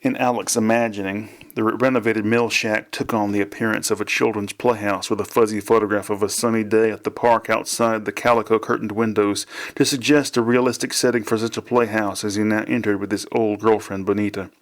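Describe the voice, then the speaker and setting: A man's voice: on the low side, level tone, a little fast, few pauses. Man reading his own novel aloud.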